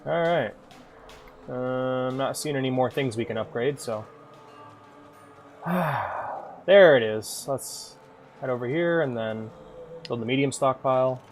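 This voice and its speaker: A man streaming a game, rambling and swearing freely as he thinks out loud between moves. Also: medium pitch, unhurried, long pauses, faint music behind. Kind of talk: casual gameplay commentary.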